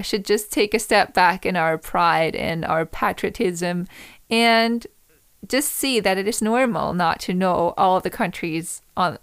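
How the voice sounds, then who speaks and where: A young woman from Austria, a native German speaker, hosting a solo podcast in a reflective, gently chatty way. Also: medium pitch, smooth, no echo, clean studio sound. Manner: reflective, gently chatty, laughs between thoughts. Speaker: podcast host.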